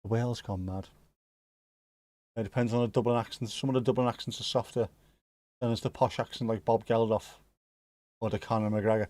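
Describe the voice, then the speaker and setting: A man's voice: lowish voice, fairly even intonation, fairly quick, pauses often, darkish tone, no room sound. A man hosting a casual livestream from home, chatting and musing aloud as he answers viewers. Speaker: livestream host.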